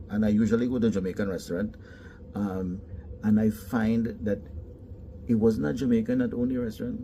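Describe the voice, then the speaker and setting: A man's voice: lowish voice, mellow, a little hiss or hum. A man from Trinidad and Tobago with a Trinidadian accent, giving emphatic storytelling commentary in casual Caribbean English.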